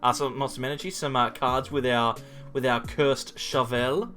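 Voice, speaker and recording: Male gameplay commentator, mid-pitched, animated delivery, mutters to himself, dry jokes. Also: moderate pace, soft background music. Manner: animated, thinks aloud and talks to himself; playful, wry asides. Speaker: card game player commentating his match.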